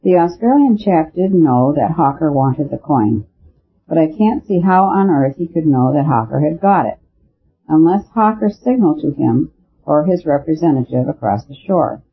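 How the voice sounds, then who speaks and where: A man's voice: a little high, expressive, moderate pace. A man voicing an eager, arguing detective. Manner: eager, argumentative. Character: eager, reasoning male French detective. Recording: narrow phone-like sound.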